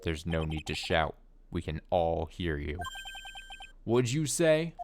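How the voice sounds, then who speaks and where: Man doing a cool, low-voiced prosecutor. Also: very animated, noisy background, heavily acted. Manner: low, smooth, unhurried. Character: cool, smug male prosecutor, calm and aloof. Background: game music.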